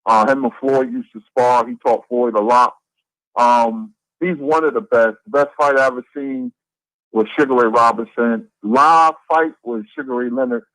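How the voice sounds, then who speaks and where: A man co-hosting a casual boxing chat, talking in a measured, reflective way. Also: medium pitch, a bit bright, dry recording, poor audio. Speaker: co-host, boxing commentator. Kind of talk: casual live-stream chat.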